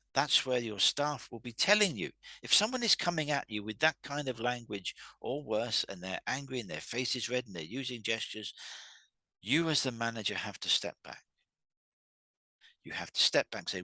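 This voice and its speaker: Man talking, bright voice, dry sound. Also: mid-range voice, expressive, moderate pace, dry recording. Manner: acts out quoted dialogue with raised, heated voices; conversational, with restarts. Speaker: host. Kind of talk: solo talk on workplace communication.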